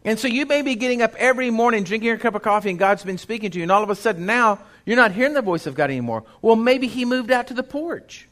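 A man's voice: high-pitched, animated, quick pace, hardly any pauses, fairly bright tone. A male pastor, preaching a sermon in a folksy, conversational way that builds in intensity.

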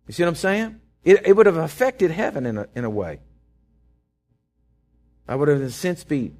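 A middle-aged man preaches from the pulpit. His voice sits fairly high for a man. He tells stories in a folksy, chatty way and then builds to fervent, emphatic points. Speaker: pastor. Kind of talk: sermon with storytelling.

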